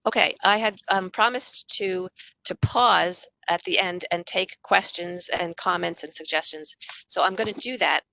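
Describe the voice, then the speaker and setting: A woman's voice: fairly low pitch, unhurried, gravelly. A middle-aged woman giving a parenting talk over a video call, chatty, often acting out what parents and kids say. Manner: warm, conversational, acts out parent and child lines. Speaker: parenting author and workshop speaker.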